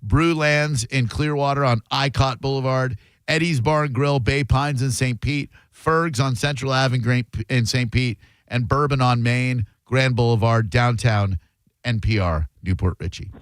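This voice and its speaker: A man's voice: medium pitch, steady tone, measured pace, smooth, no room sound, rough recording. Brash, insulting radio host man. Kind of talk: call-in radio talk.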